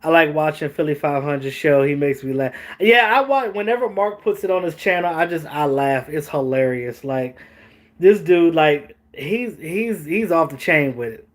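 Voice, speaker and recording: A man hosting a casual sports talk stream, animated, joking and swearing as he reacts to chat. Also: fairly high pitch, moderate pace. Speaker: host.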